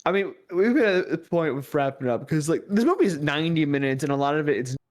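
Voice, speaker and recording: A man's voice: fairly high pitch, expressive, fast, a little mellow. A young man co-hosting a casual podcast chat, trading teasing jabs with his friend. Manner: teasing, playful banter. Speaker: podcast co-host.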